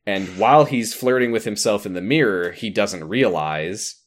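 A man's voice: fairly low pitch, lively intonation, moderate pace. A man co-hosting a podcast, recapping a TV episode casually and with amusement. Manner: amused, laughs while recapping. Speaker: podcast co-host.

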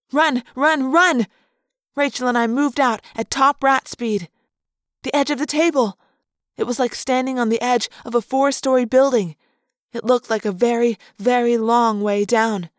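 A woman reads a story aloud in first person, expressive and acting out the action as she goes. Her voice sits somewhat high, recorded close and dry with no room sound. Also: no echo. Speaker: narrator. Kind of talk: first-person audiobook narration.

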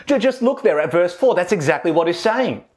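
A man preaches an expository sermon earnestly and expressively, frequently posing rhetorical questions to his listeners. His voice is high-pitched and his pace fairly quick.

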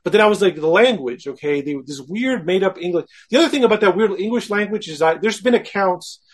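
A man, a guest, telling a personal story in casual talk, animated and self-mocking, acting out his own quoted thoughts. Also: sits high, fast talker.

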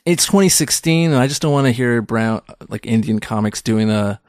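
Man, 30s, comedian guest, rambling and self-deprecating, mid pitch, dry close sound. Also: normal speed, darkish tone, no echo. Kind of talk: casual interview chat.

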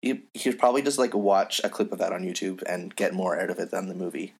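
A man with a very low voice, chatting casually as a podcast co-host. He speaks haltingly and searches for his words with frequent "uh" and "um". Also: steady tone, a little mellow, slightly rough. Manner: hesitant, halting, full of "uh" and "um". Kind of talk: casual discussion of a comic.

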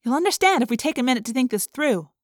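A woman voicing a bold, sharp-tongued teenage girl with a sarcastic edge. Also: high-pitched, expressive, quick pace, no room sound, studio quality, pitched above the performer's own voice. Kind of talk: audiobook character reading.

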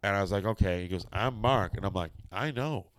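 Deep-voiced man telling a profane story. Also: a little fast, no room sound, clean studio sound. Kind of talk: casual anecdote telling.

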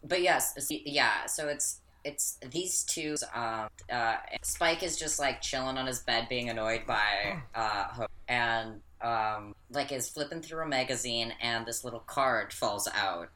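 A woman's voice: very deep voice, measured pace, few pauses, pushed and bright, a little hiss or hum. A woman co-hosting a casual film discussion podcast, chatty and full of fillers, with the occasional swear word. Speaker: podcast co-host.

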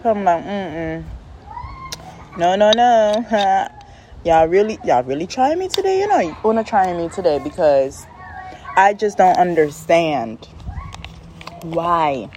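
A woman's voice: on the low side, measured pace, low-quality recording. Woman host, casual venting monologue, outdoors on phone, faint traffic behind. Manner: rambling, venting, animated asides. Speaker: podcast host. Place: outdoors in the shade.

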